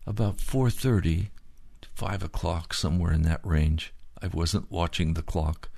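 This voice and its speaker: Slow gravelly-voiced older pastor preaching. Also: male voice, deep voice, steady tone, dark tone. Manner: slow, earnest preaching with drawn-out pleas. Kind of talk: sermon.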